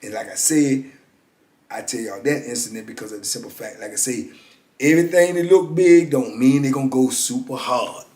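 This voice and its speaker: A man in his fifties, a former prisoner, telling prison stories in a lively, casual street-talk monologue. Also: mid-range voice, normal speed. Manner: animated, vivid street storytelling with frequent "you know what I'm saying". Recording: roomy echo.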